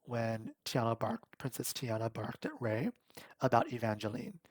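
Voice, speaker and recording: A man's voice: medium pitch, normal speed, dry recording. A man hosting a podcast, telling a story in a casual monologue, laughing often and acting out the people he quotes. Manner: animated, laughs often, acts out quoted voices. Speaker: podcast host.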